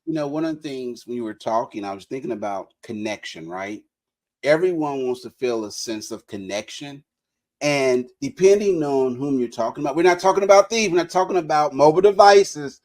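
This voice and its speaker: A man's voice: medium pitch, lively intonation, fairly quick. A man co-hosting a podcast in casual chat, emphatic, repeating words for stress. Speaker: co-host.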